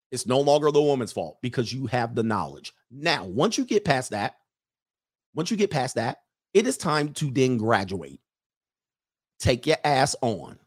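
A man hosting a livestream show, giving a mocking, profane monologue full of repeated rhetorical questions. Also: mid-range voice.

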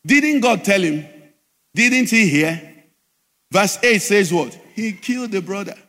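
A man's voice: high-pitched, expressive, takes it slowly, a bit bright, big-room sound. A man preaching a sermon as pastor, asking the congregation questions as he teaches.

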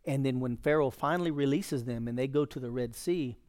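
A man's voice: mid-range voice, brisk, a little mellow. A male pastor preaching a sermon in a folksy, conversational way.

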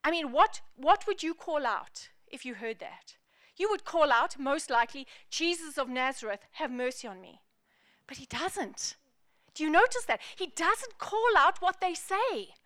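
Woman, sermon, bright tone, dry close sound, animated and emphatic. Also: sits high, a little slow, dry recording. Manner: animated, playful, emphatic preaching. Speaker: pastor.

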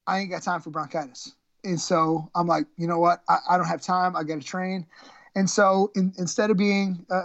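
This middle-aged former college wrestler, guesting in a casual interview, tells rambling, self-mocking stories in a high voice, padded with fillers and restarts. The recording is dry and lo-fi.

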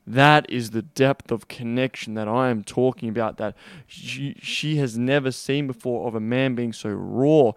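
A man's voice: medium pitch, unhurried, clean tone, no room sound. A man hosting a podcast as a sex coach, giving an emphatic motivational monologue that repeats key lines, swears freely and draws out stressed words.

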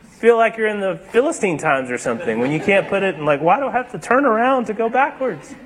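A man preaching a sermon, moving between emphatic, raised passages and hushed, slow, deliberate ones. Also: sits high, big pitch swings. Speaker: pastor.

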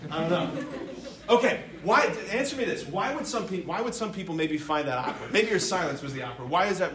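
High-voiced priest quizzing teens. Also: male voice. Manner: lively, joking, quizzes the audience. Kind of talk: interactive talk to teens. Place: room with a live youth audience.

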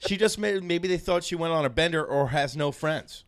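A man's voice: a little high, fairly quick, no room sound, studio quality. A man hosting a comedy podcast, talking loosely and profanely with lots of likes. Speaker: podcast host. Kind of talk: casual comedy chat.

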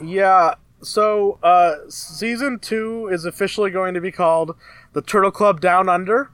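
A man with a notably high voice co-hosting a casual podcast. He steers the talk and announces each segment. The sound is close and dry. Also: fairly even intonation, a little slow, fairly bright tone, clear, resonant tone, no room sound. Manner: leads the show, announces segments. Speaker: podcast co-host.

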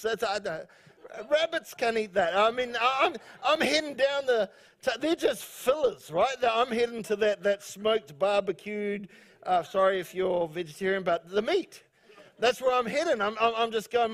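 A man's voice: very high voice, fairly bright tone. A male pastor from New Zealand preaching a sermon in a joking, rambling way, laughing often and restarting his sentences.

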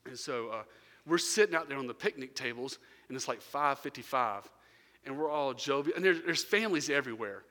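A man preaching a sermon, telling a story and swinging from quiet, low passages to loud, raised bursts. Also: lively intonation, fairly quick. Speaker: pastor. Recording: long hall reverb.

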